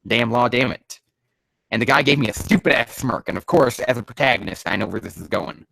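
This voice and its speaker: A man reading bad fanfiction aloud for comedy, sarcastic and swearing, breaking off into loud bursts of disbelief. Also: mid-range voice, lively intonation, a little fast, dry recording, low-quality recording. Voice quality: gravelly.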